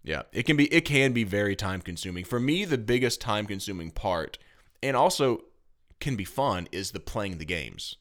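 A man with a Southern US accent co-hosting a board game podcast in casual, lively, self-deprecating chat. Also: fairly low pitch, normal speed. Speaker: podcast co-host.

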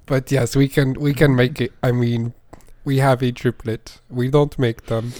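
A man's voice: medium pitch, little pitch movement, measured pace, a little mellow, dry recording. A man in an improv comedy scene, teasing the others with mock questions. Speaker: improv performer.

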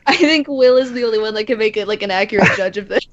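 A woman's voice: mid-range voice, dry recording, lo-fi sound. Playful, laughing woman co-host. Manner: playful, laughing, quick jabs. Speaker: podcast co-host. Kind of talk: casual chat.

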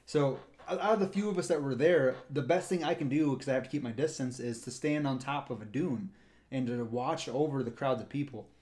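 A man's voice: medium pitch, fairly quick, a little mellow. A man co-hosting a casual podcast, telling a rambling anecdote about his work in a park and acting out the people in it. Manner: rambling, acts out voices in anecdotes. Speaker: park ranger and podcast co-host. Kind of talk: casual storytelling.

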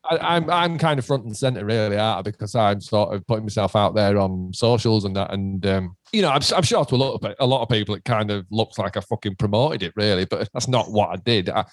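A man, chatting casually about a hometown gig. He swears a lot and acts out quoted lines with big jumps in pitch. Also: brisk, few pauses, no room sound. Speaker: band member. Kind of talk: casual chat, heavy swearing.

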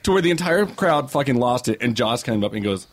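Man telling a lively swear-filled story. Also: mid-range voice, fairly quick. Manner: animated anecdote-teller, swearing freely, acting out quotes. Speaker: podcast co-host. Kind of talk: casual storytelling chat.

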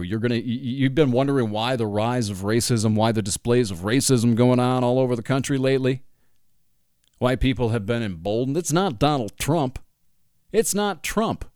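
Animated man, lively pitch. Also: no echo, clean studio sound. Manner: animated, sarcastic asides, laughs often. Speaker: commentator reading from a book. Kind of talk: opinionated monologue.

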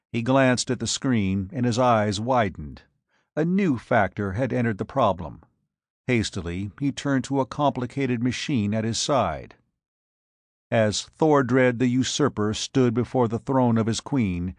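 A male narrator reads a pulp adventure with a measured, dramatic delivery and an unhurried pace. His voice sits in a typical middle register. It is recorded dry and close. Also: mid-range voice, dry recording. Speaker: audiobook narrator. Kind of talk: scripted narration.

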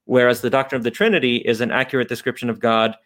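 A man's voice: medium pitch, little pitch movement, fast, a bit bright. A man explaining philosophical ideas off the cuff as a guest, thinking aloud with frequent restarts and fillers.

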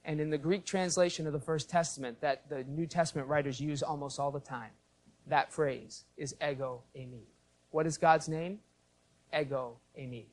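Higher-voiced man preaching a teaching sermon. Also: fairly even intonation, normal speed. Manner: teacherly, explains the Greek and asks the congregation questions. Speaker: pastor. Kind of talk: expository sermon.

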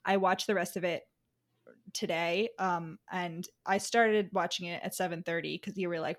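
A woman's voice: on the low side, fairly even intonation, moderate pace. A young woman co-hosting a podcast in casual chat, rambling with many restarts. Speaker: podcast co-host.

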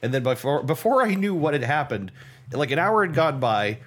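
A man's voice: fairly high pitch, very animated, fairly quick, a bit bright. A man in his thirties co-hosting a casual podcast, telling wry stories with laughs. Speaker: podcast co-host. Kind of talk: casual chat.

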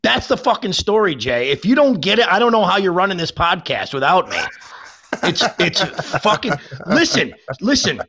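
A man's voice: high-pitched, big pitch swings, moderate pace, sharp tone, slightly rough. A man calling into a podcast, rambling and teasing the host with crude, profane jokes and bossy orders. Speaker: caller. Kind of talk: casual crude banter.

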